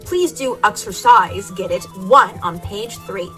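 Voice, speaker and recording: A woman's voice: mid-range voice, unhurried, pushed and bright, faint music behind, pitched below the performer's own voice. A woman voicing a young, casual goth teacher.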